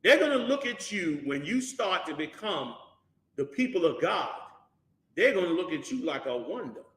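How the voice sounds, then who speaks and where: A man teaching a Bible class in a preaching style. He is animated, uses colloquial slang and keeps firing rhetorical questions at the class. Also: high voice, normal speed. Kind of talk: preaching-style scripture lesson. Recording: echoey room.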